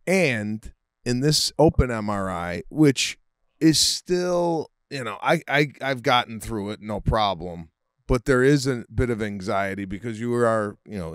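A man's voice: fairly low pitch, lively intonation, unhurried, clean tone, no echo, studio quality. A man co-hosting a podcast in casual chat, rambling with restarts and frequent swearing. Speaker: podcast co-host.

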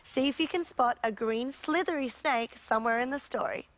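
A woman's voice: sits high, moderate pace, dry recording. A woman presenting and narrating a story for young children on a TV show, playful and inviting. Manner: warm, playful and inviting toward young viewers.

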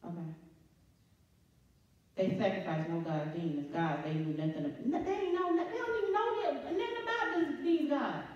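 A woman elder delivers a sermon, repeating her lines and throwing questions out to the congregation. Her voice sits high. She is picked up from a distance in a very echoey church hall, and the sound is muffled. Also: normal speed, a little mellow.

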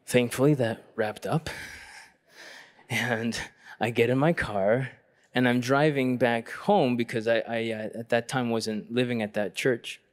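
A man's voice: steady tone, unhurried. A man, a Catholic priest, giving a workshop talk at a youth conference, telling a personal story in a reflective, earnest way and growing fervent as he preaches. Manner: rises to a fervent pitch when preaching.

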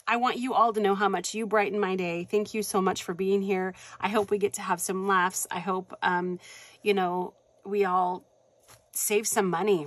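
A woman vlogger chatting casually while unboxing happy mail, gushing and excitable, with frequent gasps and affectionate asides to viewers. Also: mid-range voice. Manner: affectionate, calls viewers hon and you guys.

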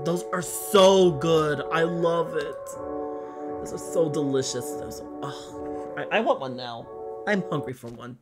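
A woman streamer giving let's play commentary, excitable and breaking into loud joking rants. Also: deep voice, slow pace, music in the background. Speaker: gaming streamer.

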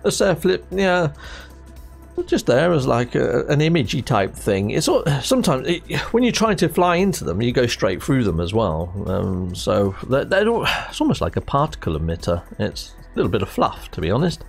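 A man's voice: mid-range voice, wildly swooping pitch, moderate pace, gravelly, breathy edge, soft background music. A man, a gaming YouTuber, chatting casually and rambling with many restarts. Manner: rambling, restarts mid-sentence. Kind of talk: casual chat.

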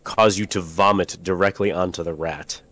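A man narrates a tabletop game as its game master. His voice sits somewhat low, and he describes each scene in a calm, measured way.

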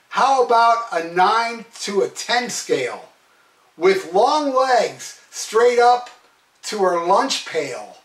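A man with a high voice and an unhurried, drawn-out pace, giving a profane, sarcastic album review. He sits back from the mic in a roomy, echoey space. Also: fairly bright tone. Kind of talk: casual review monologue. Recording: echoey room, mic at a distance.

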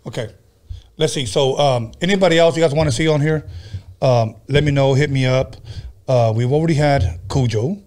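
A man's voice: mid-range voice, moderate pace, darkish tone. A man hosting a casual chat show, loose and profane, telling stories with many stumbles and restarts. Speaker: podcast host.

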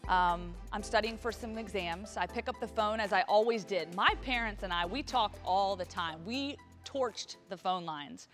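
A woman's voice: medium pitch, moderate pace, hardly any pauses, fairly bright tone, soft background music. A woman in her thirties, a motivational speaker, telling a personal story on stage with vivid, emotional delivery and acted-out dialogue. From Virginia, US.

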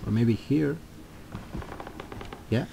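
Slow-talking excitable male gamer. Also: mid-range voice, gravelly, background noise. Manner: excitable, jumpy, swears at scares. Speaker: gaming channel host. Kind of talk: let's play commentary.

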